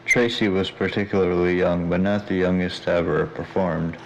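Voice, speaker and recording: A man reading his own audiobook aloud in a steady, even way. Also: deep voice, moderate pace, creaky, slight background noise, low-quality recording. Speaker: audiobook narrator. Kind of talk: audiobook narration.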